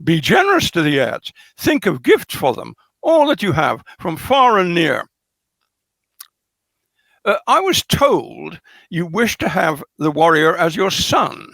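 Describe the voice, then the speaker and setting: A man reading out a queen's formal speech to her husband in his own voice, slow and measured. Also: on the high side, wildly swooping pitch, gravelly, a bit bright, no room sound, exaggerated voice. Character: a queen addressing her old husband, tactful.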